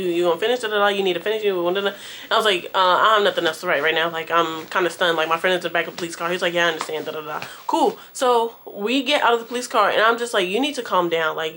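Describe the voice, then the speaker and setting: A woman's voice: lowish voice, bright, forceful tone, slight background noise. A young woman vlogger telling a storytime tale to her viewers in a slangy, profane, chatty way. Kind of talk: casual storytime.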